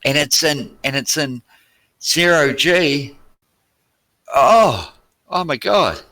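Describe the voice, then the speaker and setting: Australian man, bright ringing voice, sweary and exasperated, heated casual debate. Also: fairly high pitch, expressive, takes it slowly. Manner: sweary, exasperated, loud outbursts. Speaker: helicopter pilot guest.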